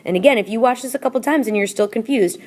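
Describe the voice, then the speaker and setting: A woman's voice: a little high, fast, a little mellow. Patient woman teaching a language lesson. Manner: patient, repeats drills and chants. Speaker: Spanish teacher. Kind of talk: classroom video lesson.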